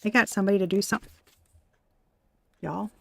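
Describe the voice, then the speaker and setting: A young woman giving an excitable tarot reading, exclaiming, gasping and swearing as she goes. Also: mid-range voice, a little fast, gravelly. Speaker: tarot reader.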